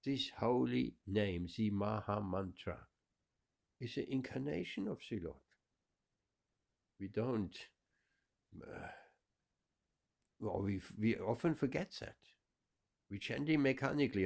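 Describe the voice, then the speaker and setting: A man's voice: medium pitch, lively intonation, a little slow, vocal fry, pauses often. A man giving a scripture class, explaining verses with emphatic repetition. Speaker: spiritual teacher.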